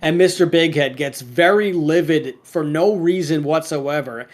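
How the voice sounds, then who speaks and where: A podcast co-host with a somewhat high voice talks a little slowly as he retells a cartoon episode. His telling is loose and rambling, with frequent restarts and fillers like "like" and "um," and he occasionally quotes the characters in a lightly acted voice.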